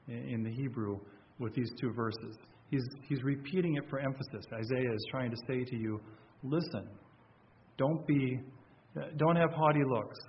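A man's voice: mid-range voice, highs cut off, slight background noise. A man preaching a sermon in a conversational way, often restarting and repeating words. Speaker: pastor.

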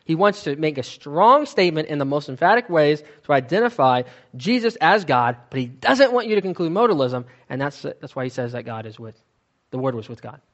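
A man's voice: on the high side, lively intonation, fairly quick, muffled recording. Emphatic man teaching from the Bible. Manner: emphatic, conversational explaining.

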